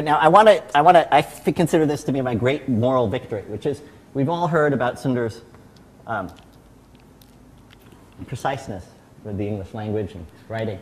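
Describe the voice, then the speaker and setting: Lively man telling a story. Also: mid-range voice, normal speed, long pauses, slight background noise. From United States. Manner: animated storytelling with frequent restarts. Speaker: guest speaker at a celebration. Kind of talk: anecdotal tribute speech.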